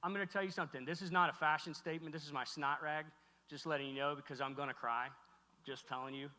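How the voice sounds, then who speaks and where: A middle-aged man giving an emotional keynote speech on stage, halting and heartfelt, with many restarts. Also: fairly high pitch, steady tone, bright, forceful tone. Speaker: keynote speaker. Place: large hall on stage. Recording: echoey hall recording.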